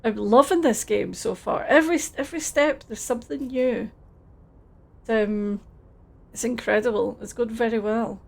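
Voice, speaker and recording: A woman's voice: a little high, moderate pace, vocal fry, darkish tone. A Scottish woman streaming a game, chatting casually with viewers and searching for words. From Scotland. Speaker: livestreamer. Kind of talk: casual chat with game reading.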